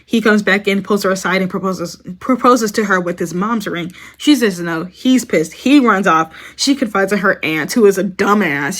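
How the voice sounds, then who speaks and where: A woman's voice: mid-range voice, expressive, normal speed, few pauses. A young woman casually recapping a TV series, talking loosely with lots of fillers and laughing as she mock-quotes the characters. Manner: chatty, frequent "like" and "um", bursts of laughter, mock-quoting characters. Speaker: commentary video host.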